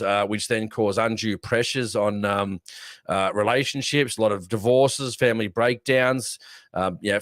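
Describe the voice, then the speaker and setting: A man's voice: lowish voice, no room sound, studio quality. An Australian man hosting a casual live-stream chat, rambling with lots of fillers and restarts, swearing now and then. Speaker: podcast host.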